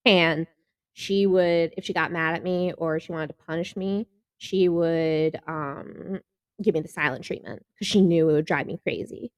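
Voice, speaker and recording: A woman's voice: lowish voice, steady tone, a little slow, no echo. Chatty woman reacting, laughing often. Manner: chatty, laughs often, acts out quoted lines. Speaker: reaction video host. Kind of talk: casual reaction commentary.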